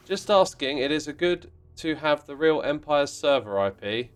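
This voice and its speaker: A man's voice: a little high, very animated, brisk, soft background music. A man hosting a game livestream in casual chat, reading out viewer messages in a playful, mock-indignant way with sudden exclamations. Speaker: livestream host playing a block-building game.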